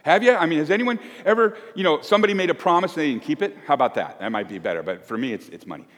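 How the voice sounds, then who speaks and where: Man in his fifties, pastor, sermon, lively pitch, slightly high voice, long church reverb. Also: racing. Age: 50s. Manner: conversational, swings from loud to hushed.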